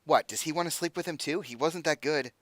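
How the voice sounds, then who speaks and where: A man voicing a weary, sardonic young female courtesan in a tabletop game, with a flat, dismissive drawl. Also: fairly high pitch, a little fast, no room sound, pitched above the performer's own voice, lightly acted. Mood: bored, dismissive.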